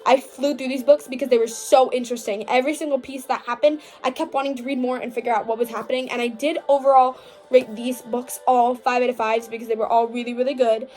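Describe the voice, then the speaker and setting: A woman's voice: fairly high pitch, level tone, fast talker, darkish tone, soft background music. A young woman vlogging a casual book recap, chatty and gushing, full of "like" fillers and dramatic mock outrage.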